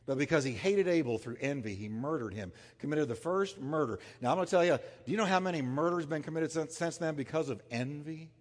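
High-voiced preacher in an echoey hall. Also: male voice, fast, hardly any pauses. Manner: emphatic, repeats phrases, asks the congregation to say lines back to him. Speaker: pastor. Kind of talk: sermon.

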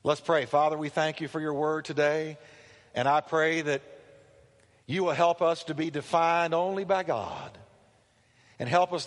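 A male pastor preaching a sermon, telling the story with animated delivery and acting out the quotes. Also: fairly high pitch, unhurried, long pauses. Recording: long hall reverb.

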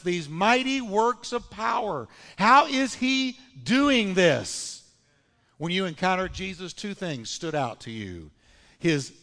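A man preaching a sermon as pastor, with emphatic, drawn-out phrases and call-and-response with the congregation. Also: high-pitched, fairly bright tone, in a large hall. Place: church sanctuary.

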